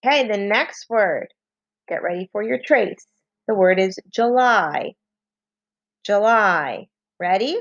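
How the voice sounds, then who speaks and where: A woman teacher leads a slow, patient spelling lesson for children, sounding out letters one at a time. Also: mid-range voice, lively intonation, no room sound, muffled recording. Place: home, online lesson.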